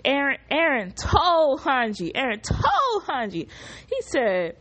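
A woman hosting a casual solo podcast, recapping a show in an animated, profane, exclamatory way. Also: high-pitched, takes it slowly. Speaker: podcast host.

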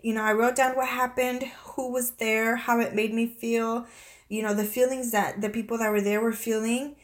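A woman in her thirties talking to her viewers in a personal confessional vlog, halting and close to tears, with many restarts and fillers. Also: fairly high pitch, flat delivery. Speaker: vlogger.

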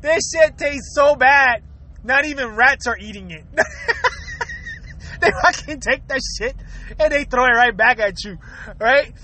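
A man ranting to his viewers in a profane, comic vlog, laughing often and dropping into a lower voice to act out excuses. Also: measured pace, pauses often, sharp tone. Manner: laughs often, swears freely, mixes in Spanish; acts out quoted excuses in a lower voice. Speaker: vlogger. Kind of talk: profane comedic rant to camera.

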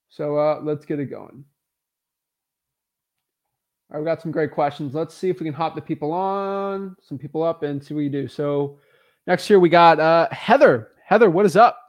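Energetic fast-rambling male stream host. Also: a little high, dry recording, studio quality. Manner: energetic, rambling, many fillers and restarts. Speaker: live stream host, real estate coach. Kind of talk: casual live-stream chat.

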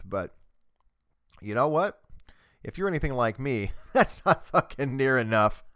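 A man's voice: medium pitch, a bit bright, no room sound, studio quality. A man hosting a podcast, ranting crudely and mockingly on a desk microphone. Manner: profane, mocking, with mimicked voices. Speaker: podcast host. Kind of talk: crude comedic rant. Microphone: desk USB microphone.

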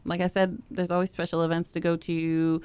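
Woman, casual chat, blunt, laughs often, lowish voice, dry close mic. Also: little pitch movement, fairly quick, a little mellow, smooth, no echo.

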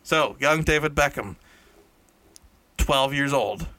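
A man's voice: medium pitch, takes it slowly, sharp tone, dry recording. A man casually improvising a silly story, correcting himself as he goes and laughing at his own jokes, in a room shared with a co-host.

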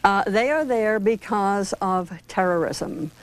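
A woman's voice: medium pitch, takes it slowly. A woman on a debate panel, speaking firmly and assertively. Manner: firm, assertive. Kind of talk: heated televised debate.

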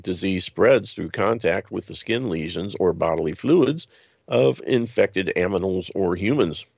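A man's voice: sits low, expressive, a little slow, gravelly, darkish tone, no echo, highs cut off. A man hosting a show, reading news items aloud and breaking in with mocking, chuckling asides. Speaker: podcast host.

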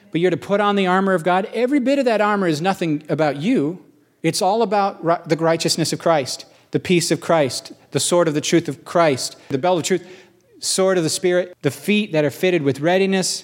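Middle-aged male pastor, preaches in a raised register, animated, leans hard on key phrases. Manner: animated, rising to high questioning bursts; slows for emphasis on key phrases. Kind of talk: sermon.

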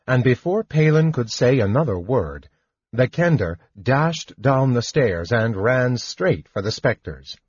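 A man narrating an audiobook in a slow, expressive reading. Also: medium pitch, breathy edge, dry recording, highs cut off. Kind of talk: scripted narration.

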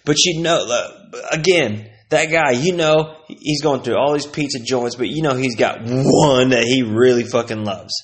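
A man's voice: mid-range voice, normal speed, hardly any pauses. A young man from Texas, ranting casually and swearing constantly, his voice jumping up when he gets worked up. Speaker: vlogger. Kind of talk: casual profane rant.

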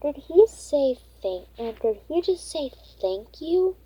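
A woman's voice: high voice, big pitch swings, warm tone, pitched above the performer's own voice, exaggerated voice, poor audio. A woman voicing an impulsive young girl fairy who blurts things out, in a storybook read-aloud. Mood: eager. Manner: quick and blurting.

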